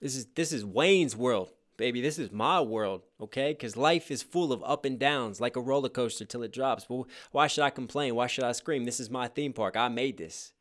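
A man's voice: medium pitch, normal speed, hardly any pauses, a bit bright. Man hyping and unpacking rap lyrics. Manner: explains lines one by one, bursts of hype. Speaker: rapper reacting to a song. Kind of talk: casual reaction and lyric breakdown. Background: hip hop track playing faintly.

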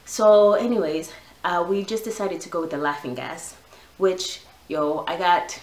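A woman's voice: on the low side, measured pace, darkish tone, echoey room, poor audio. A young woman vlogger telling a long personal story in a chatty, casual way, full of "like" and "yo". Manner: chatty, lots of "like" and "yo".

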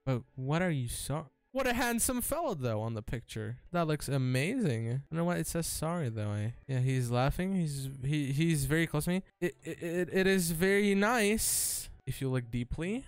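A man commentating his own gameplay, excitable and nervous, laughing and stammering through restarts. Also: a little high, normal speed, hardly any pauses, clear, resonant tone, no echo. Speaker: gaming YouTuber. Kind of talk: let's-play commentary.

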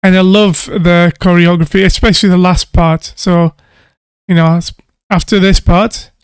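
A man's voice: high voice, steady tone, normal speed, clear, resonant tone, no echo, studio quality. A man, a music producer, giving casual reaction commentary in an enthusiastic, gushing way and laughing often.

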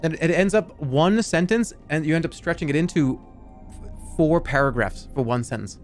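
A man's voice: on the high side, moderate pace, faint music behind. A man streaming and chatting casually, rambling animatedly, swearing freely and laughing often. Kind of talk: casual chat.

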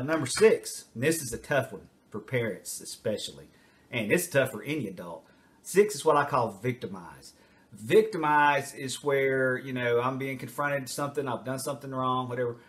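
An older man, a retired teacher, talks parents through a numbered list in a loose, rambling way. He fills his speech with asides and fillers. His voice sits at an ordinary middle pitch. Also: moderate pace, fairly bright tone. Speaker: retired teacher and school administrator. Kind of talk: casual advice talk to camera.

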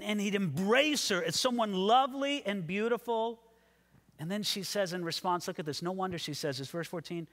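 A man preaching an expository sermon as a pastor, animated and acting out quoted voices. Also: high voice. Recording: long hall reverb.

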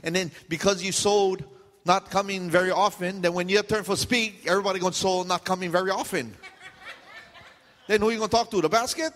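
A man pastor preaching to his congregation in a loose, joking way, playing out what people are thinking in their heads. His voice sits a little high for a man. A long church-hall reverb trails after his words. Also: steady tone, moderate pace, fairly bright tone. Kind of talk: sermon. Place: church sanctuary.

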